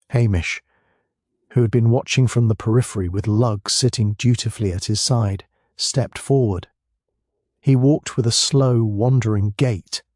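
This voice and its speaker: A man narrating a mystery audiobook in a steady, measured way. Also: mid-range voice, no echo, studio quality. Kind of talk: scripted narration.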